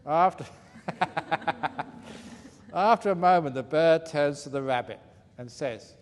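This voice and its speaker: A man's voice: a little high, slow pace. A man, a meditation teacher, telling jokes in a playful way during a retreat question-and-answer session and chuckling at his own jokes. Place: retreat hall. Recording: faint hall reverb, light room noise.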